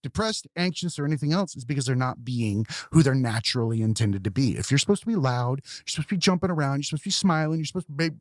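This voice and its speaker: A man's voice: medium pitch, expressive, fast talker, few pauses, dry recording, clean studio sound. A man hosting a podcast, talking candidly and casually, swearing freely and repeating words as he thinks. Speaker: podcast host. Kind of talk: casual conversation.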